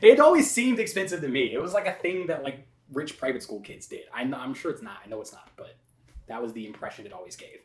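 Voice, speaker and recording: Animated podcast guy, roomy sound. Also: medium pitch, fast talker, slight background noise. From Texas. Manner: animated, emphatic, sarcastic. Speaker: podcast co-host. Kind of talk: casual chat. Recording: roomy echo, rough podcast audio.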